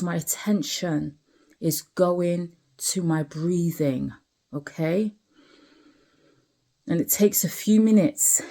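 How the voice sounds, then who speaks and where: A tired, yawning woman vlogger with a low, gravelly yet warm voice sits on a chair outside. Her reflective personal vlog is candid and conversational, with repeated phrases and frequent asides to the listener.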